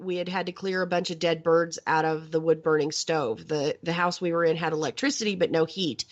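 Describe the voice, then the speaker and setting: Low-voiced woman telling a ghost story. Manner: chatty storytelling, relaxed. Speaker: paranormal investigator, guest. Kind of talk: casual radio interview. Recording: lo-fi internet radio audio.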